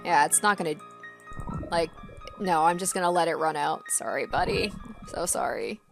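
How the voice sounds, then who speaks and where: A woman's voice: low-pitched, expressive, normal speed, gravelly, over music. Casual young woman gaming host. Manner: casual, reactive, swearing freely. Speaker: let's play host. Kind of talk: casual game commentary.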